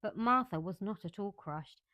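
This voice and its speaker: A woman reading a classic children's novel aloud as a bedtime story, in a calm, measured way. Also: medium pitch, dry recording.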